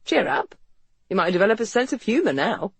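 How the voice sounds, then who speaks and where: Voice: mid-range voice, sing-song, fairly quick, husky, no echo, voice pushed up. Narrator doing West, a teasing young man. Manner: light aimless banter in mock cheer. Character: wry teasing young man, chatty and sardonic.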